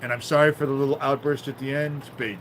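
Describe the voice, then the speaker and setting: A man talking on a phone livestream in a rambling, profane way that flares into angry shouting. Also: medium pitch, fairly even intonation, fast, a little hiss or hum, poor audio. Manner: rambling, swears often, flares into shouting anger. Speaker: livestream host. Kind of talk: casual livestream talk.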